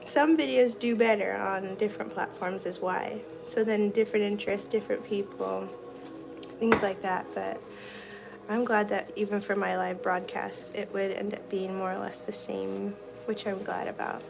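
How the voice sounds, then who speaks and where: A woman's voice: medium pitch, fairly even intonation, normal speed, rough recording. A young woman chatting casually on a livestream from her kitchen, reading viewer comments and laughing easily. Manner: chatty, giggly, reads and answers viewer comments. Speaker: livestream host. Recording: clear music in the background. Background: music playing.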